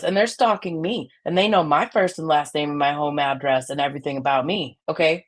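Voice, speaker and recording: A podcaster with a raspy voice, chatting casually in a blunt, heated way that swings from loud outbursts to low mutters. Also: brisk, few pauses. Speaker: podcast co-host.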